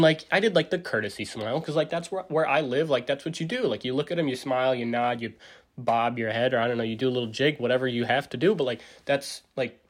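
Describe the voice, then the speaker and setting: A man in his forties rambling through a casual solo podcast monologue, full of fillers and restarts, jumping up in pitch to act out what others said. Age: 40s. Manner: acts out quotes with big pitch jumps. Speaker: podcast host.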